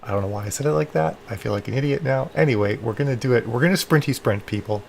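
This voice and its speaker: A man's voice: mid-range voice, gravelly, a little hiss or hum. Chatty man hosting a writing livestream. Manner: chatty, affectionate, calls people honey; reacts to viewer comments with quick exclamations. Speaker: livestream host of a writing session. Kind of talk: casual chat to viewers.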